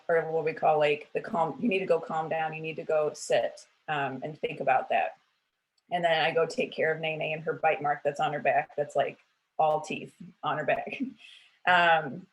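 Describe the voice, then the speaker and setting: A woman's voice: sits low, poor audio. A woman in her thirties at a church women's panel, talking casually and candidly, with lots of filler words and self-corrections.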